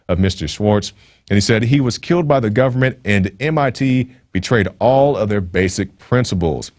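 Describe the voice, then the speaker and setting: Casual low-voiced man commenting on news. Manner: casual, conversational, with frequent fillers. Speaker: host. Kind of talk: reading and commenting on news stories.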